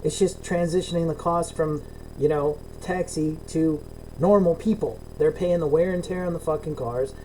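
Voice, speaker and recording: A man's voice: fairly high pitch, fairly even intonation, normal speed, dark tone, slight background noise, poor audio. A middle-aged man co-hosting a casual podcast over a video call, ranting and swearing, acting out both sides of his complaints. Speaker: podcast co-host. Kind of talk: casual profane chat.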